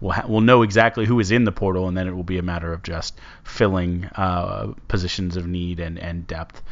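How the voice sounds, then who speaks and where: A man hosting a casual sports podcast, talking in a rambling, halting way. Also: low voice, fairly even intonation. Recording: dull lo-fi sound.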